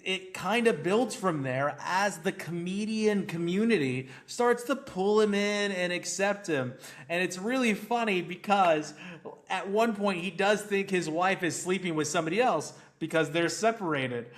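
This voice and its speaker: A man co-hosting a movie review podcast in casual chat, animated and laughing often. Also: high-pitched. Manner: animated, laughs often, acts out scenes in quotes.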